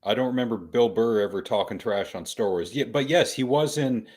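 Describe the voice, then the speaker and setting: A man co-hosting a podcast in casual chat, joking in quick banter. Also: mid-range voice, a little mellow. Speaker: podcast co-host.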